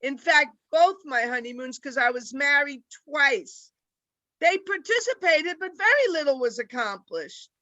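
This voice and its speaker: An older woman with a New York accent, a former teacher doing a deadpan, rambling stand-up set over a video call. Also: sits high, a little slow, no echo, low-quality recording. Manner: deadpan, rambling joke delivery. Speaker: stand-up comic.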